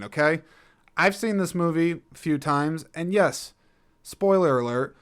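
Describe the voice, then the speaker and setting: Speaking a little slowly in a clear, resonant, somewhat high voice, a young podcast host reviews a film on his own. He keeps things casual and jokey, wandering off track and frequently correcting what he just said.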